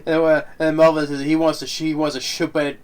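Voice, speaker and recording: A man giving a casual, rambling film commentary, halting and stumbling over his words. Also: a little high, flat delivery, smooth. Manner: rambling, halting, laughs often. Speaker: fan commentator.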